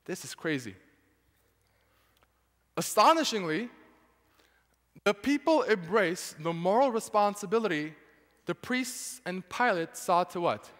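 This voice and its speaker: A man's voice: high-pitched, fairly bright tone. A man preaching a sermon to his congregation, emphatic, often putting questions to the listeners. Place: church sanctuary. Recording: church hall with long reverb.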